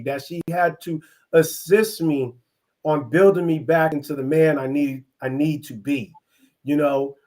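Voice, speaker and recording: A middle-aged man from East Oakland, telling his life story as an interview guest, earnest and halting with many restarts. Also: on the high side, a little mellow. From East Oakland, California. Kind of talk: reflective personal storytelling.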